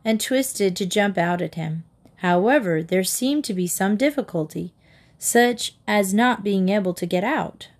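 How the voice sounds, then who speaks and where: A woman reads a children's chapter book aloud. Her voice sits at a middle pitch. She keeps a steady, gentle pace through the narration. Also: a little slow. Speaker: storybook reader.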